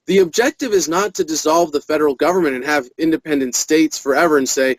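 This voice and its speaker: A man's voice: fairly high pitch, quick pace, no echo, poor audio. A man giving an interview as a political activist, talking earnestly and speeding up when he presses a point.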